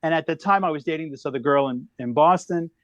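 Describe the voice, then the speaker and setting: A comedian in his fifties telling a story in a lively, exaggerated way as a podcast guest. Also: fairly high pitch, fast, dry recording. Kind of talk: animated storytelling.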